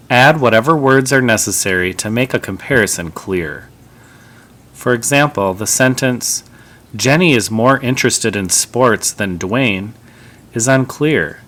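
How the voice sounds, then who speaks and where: A man teaching a grammar lesson, explaining each example calmly and step by step. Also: medium pitch. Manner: calm, methodical explaining.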